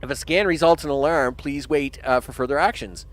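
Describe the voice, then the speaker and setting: Man voicing a stern hotel security guard, low voice, firm, flat orders. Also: fairly quick, lightly acted. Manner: stern, flat, authoritative, lower-pitched.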